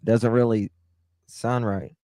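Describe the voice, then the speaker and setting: Male livestream host, slow and reflective, lowish voice, dry close sound. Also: level tone, mellow, no echo. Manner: slow, musing, asks viewers questions. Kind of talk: casual live commentary.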